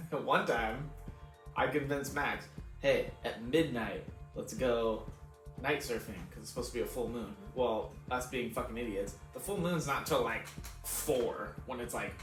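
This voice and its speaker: A man's voice: mid-range voice, measured pace. A man co-hosting a podcast, telling a long casual story with frequent laughs and free swearing. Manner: laughs often, swears freely, animated retelling. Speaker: podcast co-host. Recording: roomy echo, distant mic, faint music.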